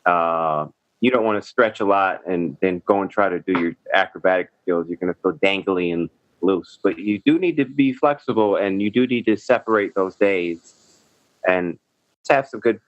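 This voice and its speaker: A man's voice: low voice, animated, normal speed, dry recording, lo-fi sound. An American man, a gymnast guest on a podcast, answering in an upbeat, enthusiastic way with some fillers. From United States. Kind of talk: casual interview answers.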